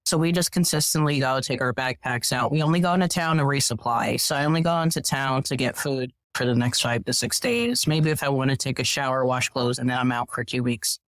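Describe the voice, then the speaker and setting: A woman guest on a podcast telling stories in a casual, animated way, acting out what people said. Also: extremely low pitch, brisk, hardly any pauses, no echo. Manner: animated, acts out quoted voices. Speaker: podcast guest, professional hiker. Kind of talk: casual storytelling.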